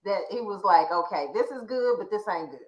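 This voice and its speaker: A woman hosting a faith conversation, asking probing questions with some gentle teasing. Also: mid-range voice, expressive, brisk. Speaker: podcast host. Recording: roomy dull-sounding audio.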